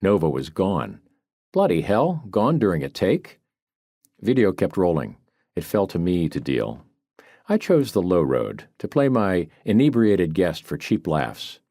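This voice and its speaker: A man narrating an audiobook in first person, with a wry, brisk, wisecracking delivery, read close to a studio microphone. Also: deep voice, wildly swooping pitch, warm tone, dry recording.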